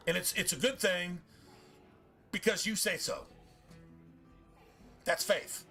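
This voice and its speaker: A man's voice: a little high, big pitch swings, slow pace, long pauses, bright, forceful tone, faint music behind. A man streaming a game and ranting casually, swearing often in a preachy, emphatic way. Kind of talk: casual rant while gaming.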